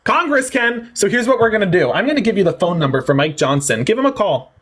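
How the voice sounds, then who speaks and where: Sarcastic, husky-voiced male debate host. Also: high voice, sing-song, quick pace, a bit bright. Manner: sarcastic, mocking, theatrical. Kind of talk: heated political debate.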